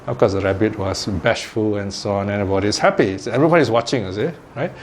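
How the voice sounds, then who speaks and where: A man's voice: on the low side, fast talker. Buddhist teacher guy telling a fable, chatty, chuckles a lot, faint hum behind. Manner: chatty, chuckling, repeats words, asks the listeners rhetorical questions. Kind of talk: Dharma talk storytelling.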